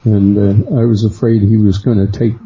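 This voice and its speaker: A middle-aged man, a guest on a radio interview, slowly recounting a personal experience and lifting his voice for the people he quotes. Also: level tone, mellow, husky. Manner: unhurried storyteller who acts out quoted voices higher. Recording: dull lo-fi sound.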